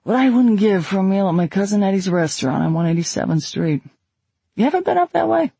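Guy doing a friendly homesick bronx kid, talks a lot, bit raspy. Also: high-pitched, very animated, fast, mellow, dry recording, pitched above the performer's own voice, full character voice. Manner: eager, chatty and nostalgic. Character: homesick young man, talkative and friendly.

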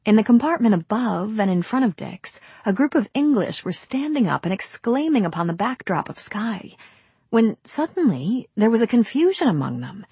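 A woman reading a novel aloud as a narrator, in a measured, unhurried way. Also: fairly high pitch, sing-song, mellow, slightly rough, no echo. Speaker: audiobook narrator. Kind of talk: scripted narration.

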